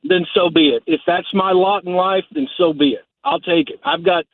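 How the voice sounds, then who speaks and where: A middle-aged man from Texas calling in to a radio show, emotional, earnest and halting. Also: sits high, dry recording. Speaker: caller. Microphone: phone line. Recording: tinny phone line.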